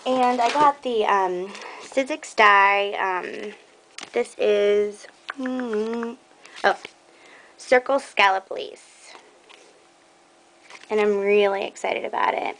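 A young woman chatting casually through a scrapbooking haul, excitable and rambling, with many ums. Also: medium pitch, slight background noise, poor audio. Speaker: scrapbooking vlogger. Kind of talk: casual show-and-tell haul video.

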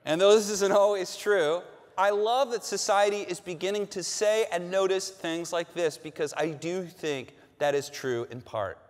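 Male pastor, higher voice, emphatic preaching style with lots of repetition; big sanctuary with long reverb. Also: normal speed. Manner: emphatic, repeats phrases with rising force. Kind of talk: sermon. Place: large church sanctuary.

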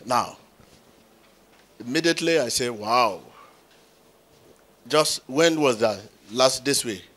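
A middle-aged man preaching as a pastor, telling a story to his congregation in an animated way. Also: mid-range voice, slow. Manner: animated storyteller who acts out quotes with sudden loud exclamations.

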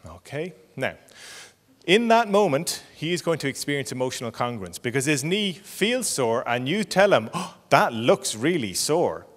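A middle-aged Irish psychologist giving a parenting talk, explaining patiently and checking in with frequent "okay?". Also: male voice, fairly high pitch, big pitch swings, normal speed, fairly bright tone, big-room sound. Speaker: clinical psychologist.

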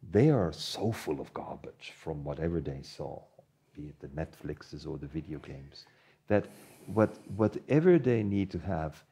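A man speaking in a conversational panel discussion, animated and full of asides. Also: sits low, husky.

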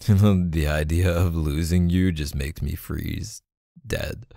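Mellow low guy, dry close sound, tender boyfriend whispered role-play. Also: fairly even intonation, unhurried, gravelly, no room sound. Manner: soft-spoken, hesitant, affectionate. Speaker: ASMR boyfriend roleplay creator.

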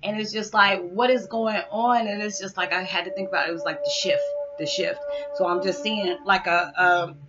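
A woman's voice: mid-range voice, fairly even intonation, moderate pace, heavy background noise. Chatty woman vlogger, dull lo-fi sound. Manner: rambling, chatty, many fillers like "you know" and "it's just like". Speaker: spiritual vlogger. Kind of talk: casual monologue to camera.

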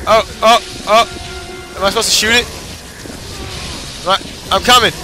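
A man's voice: high voice, steady tone, measured pace, music in the background. A young man giving casual, frustrated gameplay commentary, swearing and cheering himself on. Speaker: gamer.

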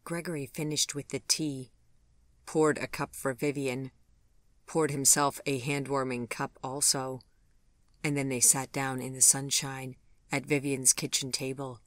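Calm guy narrating a love story audiobook, dry studio sound. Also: medium pitch, no echo. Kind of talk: scripted narration.

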